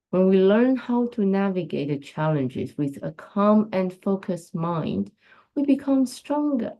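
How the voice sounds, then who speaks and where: Slow, earnest woman giving a live pep talk. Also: lowish voice, mellow. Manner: earnest, repeats phrases for emphasis, speaks to viewers directly. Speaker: host of a live talk stream. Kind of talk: casual motivational talk.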